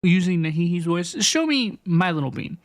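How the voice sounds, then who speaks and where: His voice sits high with a sing-song quality at normal speed. The young man is streaming a video game, chatting casually and playfully with his audience and frequently repeating himself.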